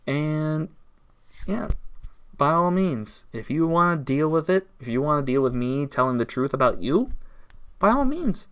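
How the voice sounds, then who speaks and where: A man's voice: fairly high pitch, moderate pace, fairly bright tone, clean tone. A man ranting in a casual vlog, aggrieved and sarcastic, taunting his target. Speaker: YouTuber.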